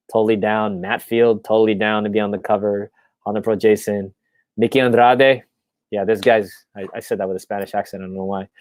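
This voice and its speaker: A man with a fairly low voice hosts a casual live stream, rambling excitedly through his plans with plenty of ums and restarts. The sound is dry and close, with no room echo around him. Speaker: comic creator hosting a live stream.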